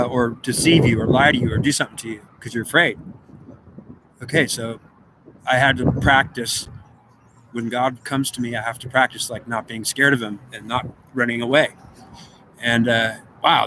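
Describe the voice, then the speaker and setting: Guy doing a spiritual talk, stops and restarts a lot, middle pitch, faint hiss behind. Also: fairly bright tone. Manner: halting, repeats words, quotes God in conversation. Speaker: spiritual speaker.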